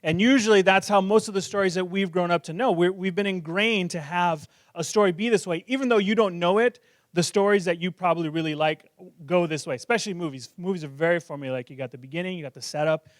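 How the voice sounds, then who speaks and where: Joking, high-voiced male pastor. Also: fast talker, no room sound, studio quality. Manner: joking, self-deprecating, conversational. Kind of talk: sermon.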